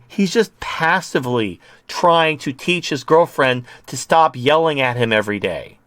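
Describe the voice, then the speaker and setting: A man's voice: on the high side, fairly bright tone, no room sound. A man hosting an online commentary show, ranting in a profane, heated way.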